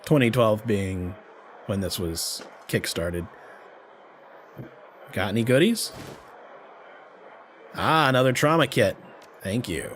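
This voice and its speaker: A man's voice: on the low side, expressive, slow pace, long pauses, slight background noise. A man streaming a role-playing game, reading its text aloud and chatting wryly. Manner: wry, casual, reads game text aloud. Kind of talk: let's play narration with character voices.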